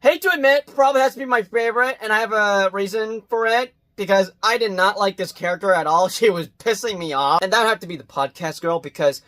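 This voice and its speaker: Animated, profane man reviewing movies. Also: high-pitched, fast talker, few pauses. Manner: animated, dramatic swings from loud outbursts to muttered asides; blunt and profane. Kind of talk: casual movie review vlog.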